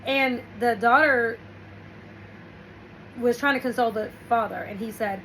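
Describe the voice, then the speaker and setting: A woman's voice: fairly high pitch, moderate pace, pauses often, a bit bright, slight background noise, poor audio. A woman host talking casually and rambling through a story while giving relationship and self-help advice. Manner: rambling, restarts, storytelling with quoted asides.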